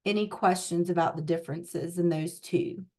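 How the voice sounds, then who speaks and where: Leading a live training session on a video call, a woman tech coach speaks in a lowish, somewhat mellow voice with fairly even intonation. Her explanations are unhurried, and she often pauses to check on her listeners.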